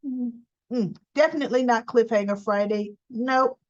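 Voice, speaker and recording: Woman, soap recap vlog, unhurried talk, fairly high voice, dull lo-fi sound. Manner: chatty and folksy, with playful exclamations. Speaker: soap opera recap vlogger. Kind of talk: casual chat recap.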